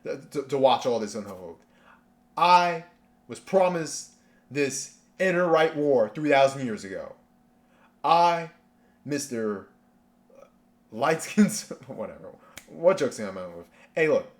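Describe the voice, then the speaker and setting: A man's voice: medium pitch, expressive, slow, pauses often. A man hosting a casual reaction rant, sarcastic and rambling, with lots of restarts. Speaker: commentary channel host.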